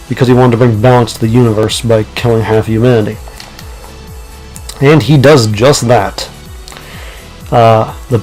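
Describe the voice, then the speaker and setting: Young guy rambling thru a movie review, lots of ums, middle pitch, faint music under it. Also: a little mellow, low-quality recording. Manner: rambling, lots of ums and uhs, retells scenes in quotes. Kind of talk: casual spoken film review.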